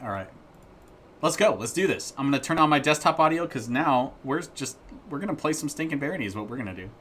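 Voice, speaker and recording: A man's voice: medium pitch, lively intonation, fast talker, fairly bright tone, slight background noise. A man chatting casually and playfully while streaming his game development work, rambling into jokey asides. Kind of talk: casual live-stream chat.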